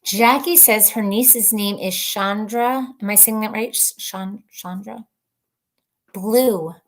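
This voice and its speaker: Woman, live-stream host, casual chat, rambling, laughs a lot, mid-pitched voice. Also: slow pace. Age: adult mother of children. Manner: chatty and rambling, laughs often, thinks out loud. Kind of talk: casual live-stream chat, reading viewer comments aloud.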